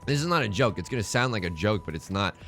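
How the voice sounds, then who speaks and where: A man talks through a game in loose, joking commentary, wandering off into asides and banter. His pitch jumps around a lot, and his tone is bright and forceful. Soft game music plays underneath. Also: lively intonation, quick pace. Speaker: let's play host. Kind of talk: casual gameplay commentary.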